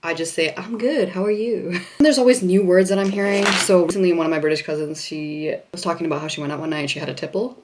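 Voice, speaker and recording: A chatty woman with a Canadian accent talks through a get-ready-with-me vlog in a relaxed, self-mocking way. Her voice sits a little low for a woman. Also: quick pace, noisy background. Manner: chatty and casual, laughing at herself. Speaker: vlogger.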